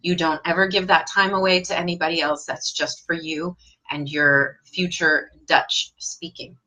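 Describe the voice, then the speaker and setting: During an online English lesson, a woman reads out viewer comments and asks direct, encouraging questions, her pitch jumping lively. She speaks at a moderate pace.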